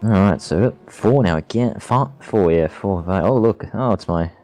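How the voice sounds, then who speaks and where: Aussie male co-commentator, very low voice, chatty and laughing. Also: moderate pace, a little mellow. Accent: Australian. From Australia. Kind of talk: casual race commentary.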